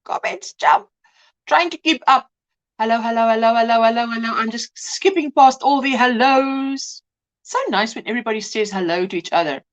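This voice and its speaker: A woman's voice: fairly high pitch, moderate pace, dull audio. A woman hosting a casual crochet livestream, chatting, exclaiming over projects and greeting viewers by name. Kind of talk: casual live-stream chat.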